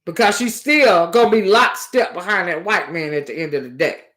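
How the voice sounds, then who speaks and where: A woman's voice: on the low side, moderate pace, a bit bright. Fired-up woman hollering her opinions. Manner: passionate, hollering, preachy; repeats phrases emphatically, stumbles on words. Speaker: commentary channel host. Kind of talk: impassioned opinion commentary. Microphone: loud close desktop microphone.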